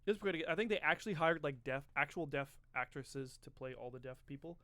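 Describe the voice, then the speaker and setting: A man's voice: a little high, lively intonation, quick pace, dry recording. A young man co-hosting a podcast, chatting casually and rambling through stories, often acting out movie quotes. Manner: rambling storyteller, acts out movie quotes loudly. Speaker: podcast co-host. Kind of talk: casual chat.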